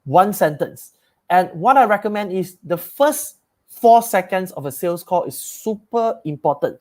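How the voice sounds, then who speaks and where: A man's voice: sits high, expressive, measured pace. A man, giving a live sales training talk as a coach. He is upbeat and emphatic and repeats his key phrases.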